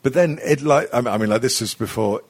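A man's voice: mid-range voice, fast, creaky, husky, no room sound. A man hosting a podcast, rambling and swearing freely with self-mocking humour. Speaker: podcast host. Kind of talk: casual podcast chat.

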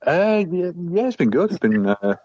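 A man's voice: high-pitched, sing-song, normal speed, a little mellow, dry recording. A man chatting casually on a video call with dry, understated humour. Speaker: podcast guest. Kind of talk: casual chat. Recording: crackly muffled call audio.

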